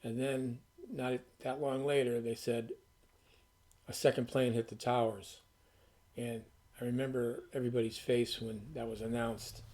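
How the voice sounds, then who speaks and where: Mellow, flat-voiced man rambling to camera. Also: mid-range voice, unhurried. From Connecticut. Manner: rambling, conversational storyteller with restarts. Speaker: channel host. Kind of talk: casual talk to camera.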